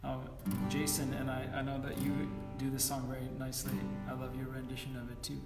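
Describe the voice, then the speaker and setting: A man's voice: medium pitch, monotone, a little fast, roomy sound, long reverb tail, distant mic, over loud music. A man in his forties, a musician chatting between songs at an online concert, rambling and self-deprecating with many fillers. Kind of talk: casual chat between songs.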